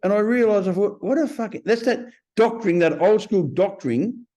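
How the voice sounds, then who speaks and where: A man in his fifties, a podcast guest telling stories in a blunt, profane, animated way. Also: high-pitched, moderate pace. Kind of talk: casual interview storytelling.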